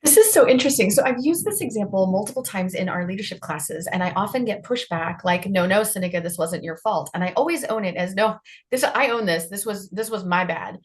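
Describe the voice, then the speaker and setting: A woman co-hosting a leadership podcast, telling a story in a lively way and acting out the dialogue in it. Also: medium pitch, a little fast. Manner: animated storyteller, acts out quoted dialogue, repeats herself. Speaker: podcast co-host, leadership trainer. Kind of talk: casual conversation, storytelling.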